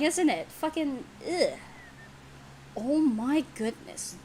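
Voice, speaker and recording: A young woman reacting to a comic dub in casual commentary, excitable, swearing often and exclaiming over what she sees. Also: high-pitched, slow pace, a little hiss or hum, poor audio.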